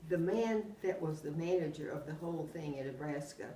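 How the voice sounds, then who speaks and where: An older woman, telling rambling anecdotes in a casual, animated way and often laughing as she talks. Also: low-pitched, brisk. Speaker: oral history interviewee. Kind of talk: casual storytelling. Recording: roomy, distant mic, faint background hum.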